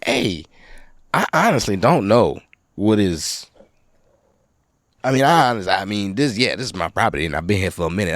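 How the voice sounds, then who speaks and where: A man hosting a solo podcast, rambling casually in a profane, animated storytelling way. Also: deep voice, no room sound, clean studio sound. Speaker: podcast host.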